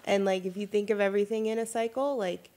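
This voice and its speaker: A young woman in her twenties co-hosting a casual chat, talking quickly with lots of "like" fillers. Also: medium pitch. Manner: chatty, many "like" fillers, animated. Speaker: co-host.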